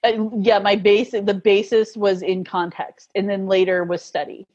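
A woman's voice: mid-range voice, flat delivery, normal speed, darkish tone, husky, highs cut off. A woman telling stories in a casual interview, laughing often as she talks. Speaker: guest.

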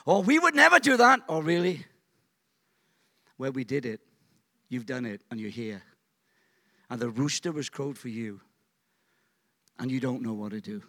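A man preaching a sermon in a church, acting out quotes dramatically and throwing in jokey asides. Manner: dramatic, acts out quotes with big pitch swings. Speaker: pastor.

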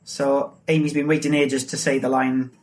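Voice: mid-range voice, level tone, normal speed, darkish tone. A podcast host chatting casually and explaining things to listeners. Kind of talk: casual interview chat. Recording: roomy kitchen.

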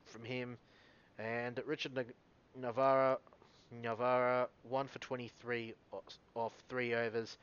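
Male cricket vlogger, mid-pitched, self-correcting stats recap, dull home mic. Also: smooth. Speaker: cricket video host. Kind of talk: casual solo cricket recap.

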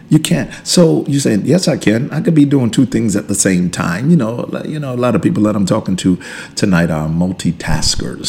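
A man, a pastor hosting a podcast, teaching in a relaxed conversational way, repeating and restarting words and chuckling between points. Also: lowish voice, gravelly, slight background noise. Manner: emphatic, preacherly build-ups.

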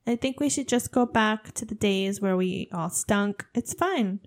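A young woman co-hosting a podcast in casual chat, giggly and animated, laughing often. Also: mid-range voice, a little slow. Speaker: podcast co-host.

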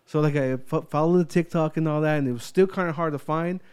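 A man co-hosting a casual podcast, telling a story in an animated, heavily profane way. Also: on the high side, fast, smooth. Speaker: podcast co-host. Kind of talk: casual chat.

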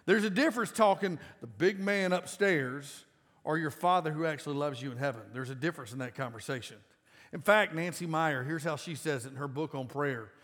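A man in his forties preaching a sermon to a congregation in a casual, emphatic way that breaks into loud bursts. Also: on the high side, brisk. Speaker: pastor. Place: large church auditorium. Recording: live church sound with long reverb.

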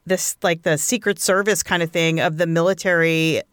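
A woman in her forties trades stories on a casual podcast. She talks loosely with lots of fillers and pops her pitch up to act out what others said. The sound is close and dry. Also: fairly even intonation, moderate pace, a bit bright, clear, resonant tone, dry recording. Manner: chatty storyteller, acts out quotes with big pitch jumps. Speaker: podcast co-host. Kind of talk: casual chat.

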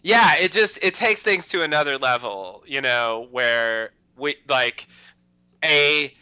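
A man's voice: medium pitch, slow, sharp tone, clean tone, dry recording, low-quality recording. A man co-hosting a podcast, chatting casually and rambling with lots of "you know" fillers. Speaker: podcast co-host. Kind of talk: casual chat.

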